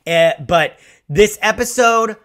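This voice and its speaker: A man in his forties hosting a casual episode review, excitable and rambling, with a lot of swearing. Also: sits high, slow pace. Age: 40s. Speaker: show host.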